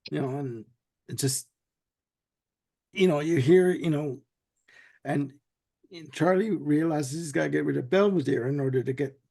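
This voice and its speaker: A man hosting a loose podcast conversation, retelling a cartoon in a rambling way full of "you know"s. His voice is on the higher side with a steady gravelly fry. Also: normal speed, long pauses. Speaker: podcast host. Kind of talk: casual chat.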